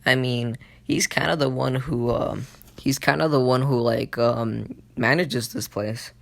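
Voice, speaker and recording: A man's voice: medium pitch, fairly even intonation, measured pace, gravelly, a bit bright. A man hosting his own channel who casually retells an anime plot, rambling with many fillers and frequent swearing. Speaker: channel host.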